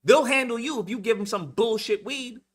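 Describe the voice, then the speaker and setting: A man's voice: extremely high pitch, moderate pace, fairly bright tone, slightly rough. A man delivering a heated, profane monologue rant as a channel host, blunt and repetitive, lecturing his listeners.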